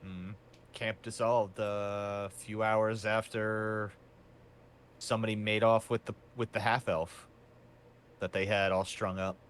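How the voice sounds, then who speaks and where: A man voicing a gruff, suspicious male camp hunter who grumbles tersely. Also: lowish voice, level tone, takes it slowly, a bit bright. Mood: grumbling.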